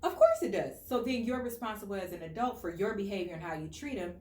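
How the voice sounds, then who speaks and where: A woman's voice: mid-range voice, very animated, quick pace, darkish tone, slight background noise. An American woman hosting a casual discussion, talking earnestly and with strong opinions, with many "like" fillers. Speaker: host. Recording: echoey room.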